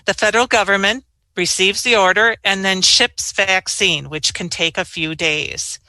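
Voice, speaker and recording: A middle-aged woman gives measured, explanatory briefing remarks as a state health official. Her voice is bright and forceful, and it sits dry and close to the microphone with no room sound around it. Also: mid-range voice, steady tone, no room sound.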